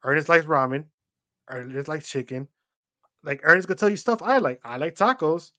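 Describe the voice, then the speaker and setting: A young man with a fairly high voice chats on a podcast. He rambles through stories, leans on "like" and acts out other people's lines. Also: normal speed, pushed and bright. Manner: rambling storyteller, acts out quoted voices, many "like" fillers. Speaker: podcast co-host. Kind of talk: casual chat.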